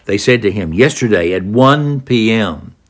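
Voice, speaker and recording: A man teaching a Bible passage, retelling it slowly as a story and acting out the quoted words. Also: fairly low pitch. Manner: slow, lively storytelling with dramatized quotes. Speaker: preacher.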